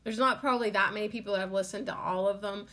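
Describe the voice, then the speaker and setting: Talking fast in a mid-range voice with fairly even intonation and a fairly bright tone, a podcast host delivers a casual, rambling monologue. She leans on "like" fillers, and her emotion shows as she tears up and tries not to cry.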